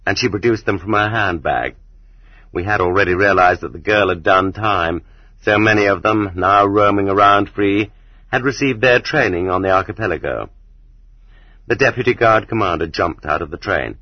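A man narrating an audiobook in a steady, measured reading voice, recorded on dull cassette tape. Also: low voice, breathy edge, dry recording. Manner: steady, measured reading that rises sharply for quoted shouts. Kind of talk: scripted narration.

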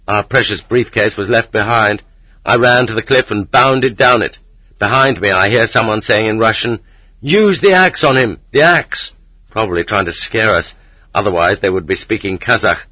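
A man reading a first-person story aloud as an audiobook, in a steady, measured manner. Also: on the low side, breathy edge, no room sound. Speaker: audiobook narrator. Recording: slightly dull lo-fi recording.

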